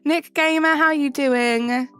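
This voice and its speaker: A young woman from England chats bubbly with viewers on a live stream, greeting them by name with sing-song endings that rise. Her high, bright voice is steady and unhurried, with faint music playing in the background.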